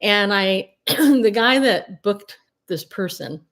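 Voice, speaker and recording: A middle-aged woman hosting a casual livestream from home, telling animated stories with outspoken asides and frequent laughter. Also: medium pitch, takes it slowly. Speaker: Christian media host and coach. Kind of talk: casual solo livestream talk.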